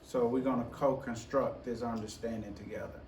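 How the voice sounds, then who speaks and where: A man in his sixties from Memphis with a Southern accent, giving a slow, easygoing conversational talk at a forum with frequent restarts. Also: medium pitch, steady tone, darkish tone. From Memphis, Tennessee. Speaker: conference presenter. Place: conference hall. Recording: echoey hall, distant, faint hum.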